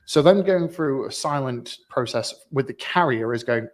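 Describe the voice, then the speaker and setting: A man at a middle pitch hosting a casual tech chat from a meeting room. He explains things patiently, with a wry, dry humour. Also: lively intonation, moderate pace, few pauses. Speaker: host.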